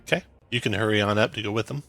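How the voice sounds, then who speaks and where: A man narrating as game master of a tabletop game, describing scenes briskly with frequent fillers. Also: fairly low pitch, vocal fry, bright, forceful tone.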